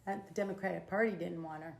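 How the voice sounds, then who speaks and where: A woman's voice: lowish voice, fairly even intonation, fast talker, creaky, roomy sound. Middle-aged Boston woman, podcast guest, firm, opinionated, repeats herself for emphasis, slight hiss. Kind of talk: casual political chat.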